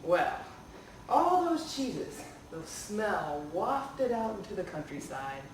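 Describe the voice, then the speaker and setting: A woman's voice: medium pitch, takes it slowly, slight background noise. A woman storyteller in a library, telling a folktale to children and asking them questions. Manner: animated, asks the audience questions. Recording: echoey room from far off.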